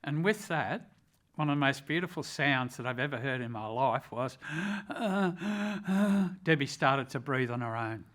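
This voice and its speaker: A man's voice: medium pitch, a bit bright. Earnest older Australian man recounting. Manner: earnest, measured, reflective. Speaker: retired rescue officer, ambulance chaplain. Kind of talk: personal storytelling.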